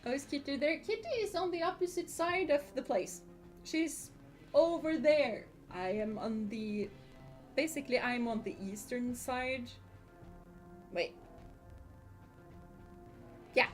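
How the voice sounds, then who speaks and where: A woman chats casually on a game stream, her voice sitting a touch high. She giggles easily between answers to her chat. Soft music plays faintly underneath. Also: expressive, measured pace, long pauses.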